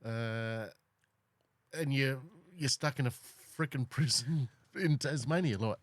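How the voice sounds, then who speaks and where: A man's voice: mid-range voice, slow, no echo. A man hosting a podcast in casual chat, blunt and joking, swearing freely. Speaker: podcast host.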